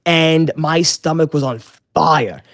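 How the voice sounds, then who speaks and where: A man's voice: a little high, slow, no echo, clean studio sound. A young man co-hosting a podcast, rambling casually with lots of swearing. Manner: rambling and profane, slips into loud put-on voices. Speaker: podcast co-host. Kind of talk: casual chat.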